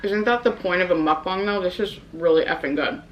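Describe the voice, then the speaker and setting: A woman's voice: lowish voice, a little fast, dull audio, slight background noise. A young woman vlogger in a casual mukbang, chatting and rambling while she eats, in her apartment. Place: apartment room in New York.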